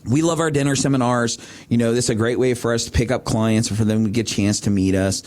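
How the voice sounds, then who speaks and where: A man's voice: mid-range voice, fast talker. A man hosting a talk show, telling stories in a casual, repetitive way with lots of "right?". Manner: animated, repeats himself, says "right?" often. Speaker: financial advisor and show host.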